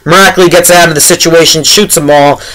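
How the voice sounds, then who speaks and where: Man, casual episode reviewer, rambling, exasperated asides, somewhat high-pitched. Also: steady tone, quick pace, a bit bright, rough recording. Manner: rambling and loose, heavy on fillers, exasperated asides.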